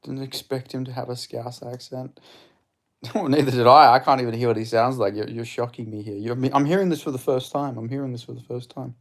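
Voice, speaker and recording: A man with an Australian accent from Perth, Western Australia, runs a live fight watch-along, chatting with viewers in a laid-back way and swearing freely. He talks fairly quickly in a mid-range voice with a steady tone.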